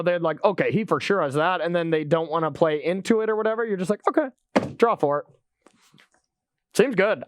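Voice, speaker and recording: A man's voice: high voice, no echo, studio quality. A man playing a card game match on a show, chatting casually, joking and laughing often. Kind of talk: casual play-along chat.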